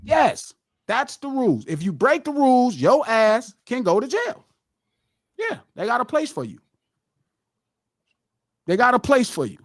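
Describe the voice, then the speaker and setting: A middle-aged man hosts a live podcast in a heated, profane lecture. His voice sits high and leaps up and down with great animation. The sound is dry and close. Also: wildly swooping pitch, measured pace, pauses often, no echo. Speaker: podcast host.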